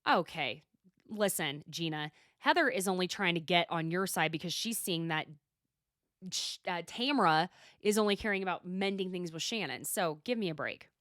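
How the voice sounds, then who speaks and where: A woman's voice: on the low side, lively intonation, moderate pace, fairly bright tone, dry recording, studio quality. A woman hosting a solo podcast, recapping in a blunt, profane, exasperated casual chat. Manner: blunt, profane and exasperated, talking straight to the people she discusses. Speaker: podcast host.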